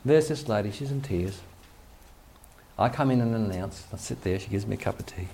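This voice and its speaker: A man's voice: on the low side, brisk, gravelly, mellow. A male pastor giving a conversational sermon, acting out quoted voices, with faint background noise.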